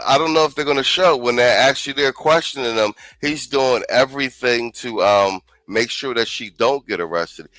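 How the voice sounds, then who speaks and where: A man's voice: mid-range voice, fairly bright tone, dry recording, rough recording. Male host, casual reaction commentary, blunt and slangy, mid-range voice, dry sound. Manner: blunt, slangy, reads chat comments aloud. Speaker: show host.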